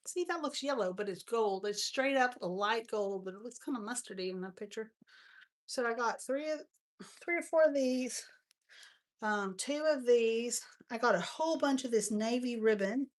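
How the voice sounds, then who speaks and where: A woman's voice: on the high side, moderate pace. A woman with a Texan accent hosting a live crafting stream, chatting and rambling through stories as she shows her supplies. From Texas. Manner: chatty, rambling storyteller, says y'all. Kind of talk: casual crafting chat.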